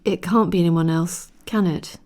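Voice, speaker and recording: A woman's voice: lowish voice, steady tone, normal speed, a little mellow, close to an everyday voice. A woman reading an anxious, questioning wife. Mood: thoughtful. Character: anxious young wife, worried and perplexed.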